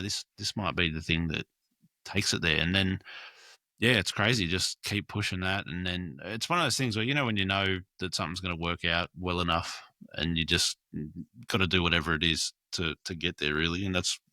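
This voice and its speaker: Muralist guest, laid-back rambler, lowish bright voice, dry close mic. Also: male voice, a little fast, dry recording. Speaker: graffiti and mural artist, guest. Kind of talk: casual chat.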